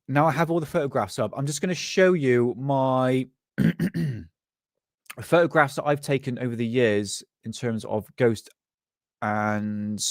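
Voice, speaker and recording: A man's voice: mid-range voice, no echo, clean studio sound. A man hosting a live stream from his desk, casually chatting, joking, rambling and laughing often.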